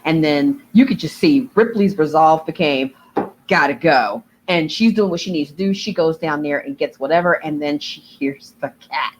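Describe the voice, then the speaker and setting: A woman guest in a casual film discussion, animated and acting out scenes as she talks. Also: low voice, moderate pace, hardly any pauses, a little hiss or hum. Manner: animated, acts out scenes with voices. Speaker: podcast guest.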